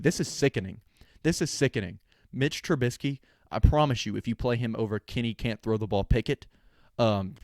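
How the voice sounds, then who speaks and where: A man's voice: medium pitch, a little mellow, no echo, clean studio sound. A young man hosting a sports podcast, talking casually with sarcastic, opinionated jokes. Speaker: podcast host.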